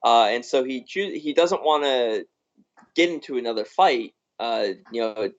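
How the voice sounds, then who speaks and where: A man's voice: mid-range voice, animated, a little slow. A man co-hosting a podcast, rambling through his points about a film with restarts and "you know"s. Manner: rambling, restarts, frequent laughs. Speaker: podcast co-host. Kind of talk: casual film review chat. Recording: muffled lo-fi live stream audio.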